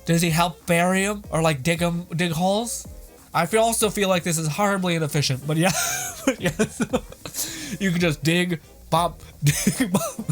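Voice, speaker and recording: Expressive and unhurried, a young man hosts a laid-back reaction commentary over clips, his pitch jumping all over and a little high for a man. Faint music runs beneath as he rambles, laughs often and swears freely.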